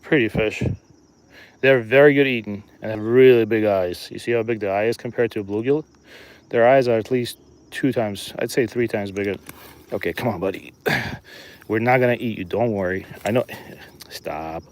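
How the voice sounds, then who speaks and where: A man's voice: fairly low pitch, normal speed. Brief: easygoing guy streaming from a riverbank, chatty, talks straight to viewers. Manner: relaxed, chatty, talks to viewers while fishing. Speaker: fishing streamer. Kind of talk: casual live-stream commentary. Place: outdoors at a riverbank.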